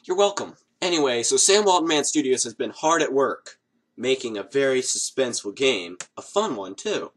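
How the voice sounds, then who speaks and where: A man's voice: mid-range voice, moderate pace. Sarcastic young male comedy vlogger. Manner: sarcastic, self-mocking deadpan. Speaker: comedy video host. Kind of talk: scripted comedic monologue.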